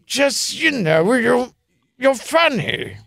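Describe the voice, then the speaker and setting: A man's voice: very high-pitched, very animated, takes it slowly, creaky, fairly bright tone, no room sound, clean studio sound, exaggerated voice. A man playing a nervous young gangster who stammers and hesitates, repeating his words.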